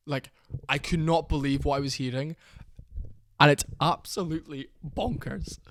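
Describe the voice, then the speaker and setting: An excitable man talking casually to camera, blunt and quick to exclaim. His voice sits a little high for a man. The sound is dry, with no room echo. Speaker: MMA commentary YouTuber.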